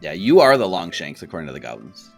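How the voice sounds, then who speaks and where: A man's voice: low voice, very animated, fast talker, gravelly, faint music behind. A man narrating a tabletop game as game master, loose and full of fillers and restarts.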